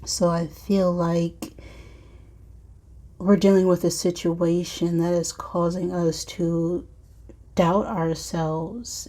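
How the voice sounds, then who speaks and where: Slow, mellow-voiced woman tarot reader. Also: lowish voice. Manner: reflective, talks straight to the viewer, sighs and soft asides. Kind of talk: collective tarot and oracle card reading.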